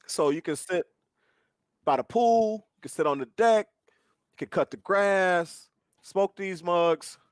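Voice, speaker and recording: Man, middle-aged, podcast co-host, rambling and crude joker, slightly high voice, dry close recording. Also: lively intonation, measured pace, pauses often, clear, resonant tone, no room sound. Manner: rambling, profane, jokey. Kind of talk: casual chat, cigar review.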